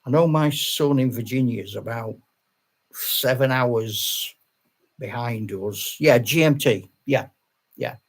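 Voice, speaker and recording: A man's voice: medium pitch, takes it slowly. An older retired man, a channel host, chatting casually on a live stream, rambling with restarts and laughing often.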